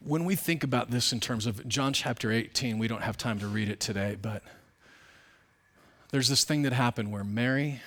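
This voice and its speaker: The sermon comes from a pastor who talks candidly and conversationally, often going off on asides. He moves back and forth between booming emphasis and soft, low asides.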